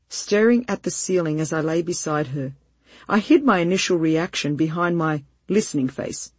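A woman reading a first-person story aloud in a gentle, heartfelt and measured way, with a breathy voice. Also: low-pitched, no echo. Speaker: narrator.

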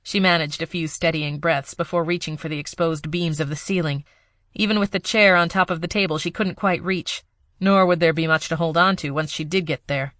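A woman narrates an audiobook in a steady, measured way, her voice on the low side for a woman. The scripted narration is recorded dry and close, with no room sound at all.

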